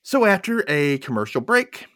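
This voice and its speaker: A man's voice: fairly high pitch, normal speed, no room sound, studio quality. A man hosting a podcast, casually recapping a movie and acting out the quotes. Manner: animated storytelling with acted-out quotes. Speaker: podcast host.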